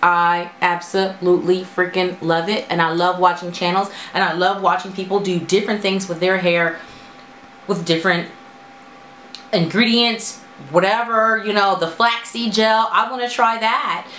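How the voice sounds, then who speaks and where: A woman chatting straight to her viewers in a natural hair vlog, animated and outspoken. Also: normal speed, roomy sound, slight background noise, poor audio. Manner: animated, talks straight to viewers with lively pitch jumps. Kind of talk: casual chat to camera.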